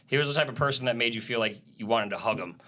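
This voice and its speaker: A man in his thirties with a bright, forward voice tells tour stories in a relaxed podcast chat. He's animated and loose, swearing freely and laughing as he goes. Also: mid-range voice, rapid-fire. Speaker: live audio engineer and drummer. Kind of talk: casual podcast interview.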